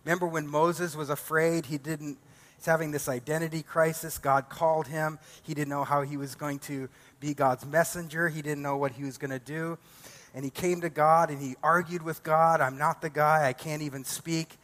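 A man's voice: a little high, little pitch movement, normal speed, fairly bright tone. A male pastor preaching a sermon, building emphatic repeated declarations.

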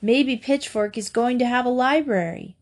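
A woman's voice: moderate pace, natural voice. A woman doing an eager young girl. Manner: bright and eager, raised pitch.

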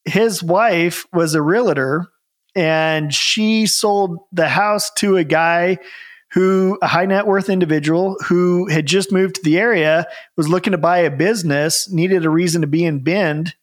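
A man's voice: sits high, steady tone, measured pace. A man telling the story of his business in a casual interview, rambling with lots of fillers and restarts.

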